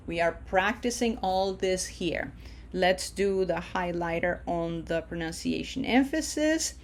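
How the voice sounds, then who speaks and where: A woman teaching a Spanish lesson, patiently leading conjugation drills and checking in with her students. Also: medium pitch. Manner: slow, drawn-out model pronunciations; patient, encouraging, checks in with "okay?".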